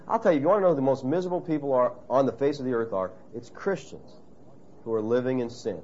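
A man preaching a sermon, speaking straight to his congregation and acting out quoted voices with sudden loud bursts. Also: fairly high pitch. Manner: emphatic, direct address to the congregation. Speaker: pastor. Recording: muffled, dull lo-fi sound.

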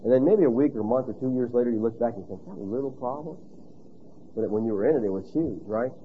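A man's voice: mid-range voice, racing, phone-quality sound, a little hiss or hum. A male pastor preaching a sermon emphatically, stressing key points and asking rhetorical questions.

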